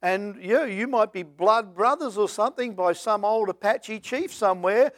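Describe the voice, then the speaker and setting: A male preacher, delivering a sermon that swings between booming lines and hushed, half-sung hymn verses. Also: dry recording, studio quality.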